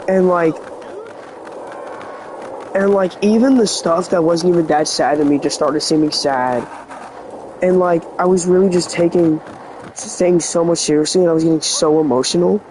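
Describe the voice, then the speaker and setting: Teen guy talking to camera, kinda high voice, a bit sick and cracky, lots of "like". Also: fairly even intonation, normal speed, long pauses, darkish tone, slight background noise, low-quality recording. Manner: earnest, rambling, many "like" fillers. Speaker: vlogger. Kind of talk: confessional vlog talk.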